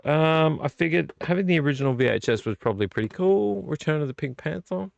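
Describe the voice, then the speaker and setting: A man's voice: fairly high pitch, lively intonation, quick pace, vocal fry, few pauses, no room sound. A man hosting a casual late-night live vlog, rambling about his tape collection with many fillers. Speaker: vlog host. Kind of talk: casual live chat unboxing VHS tapes. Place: small home room.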